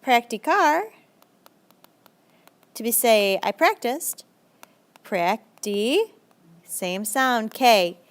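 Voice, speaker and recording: A young adult woman teaching a recorded language lesson in a brisk, chatty, encouraging way, with lively jumps in pitch. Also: clean tone. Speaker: Spanish teacher.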